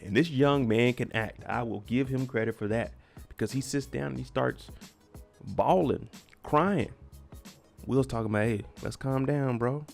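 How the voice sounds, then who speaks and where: A man's voice: mid-range voice, moderate pace, vocal fry, pauses often, a little mellow, faint music behind. A man giving a chatty, slangy, opinionated recap of a TV episode. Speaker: TV recap vlogger. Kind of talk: casual recap commentary.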